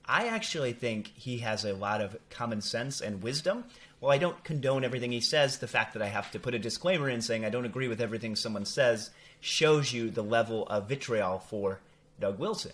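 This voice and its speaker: A man in his young adult years talks through an article for his theology channel. His voice sits at an ordinary middle pitch, and he leans hard on key points, stumbling now and then with fillers and restarts. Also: brisk. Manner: animated, emphatic, with fillers and self-corrections. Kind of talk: casual commentary reading from an article.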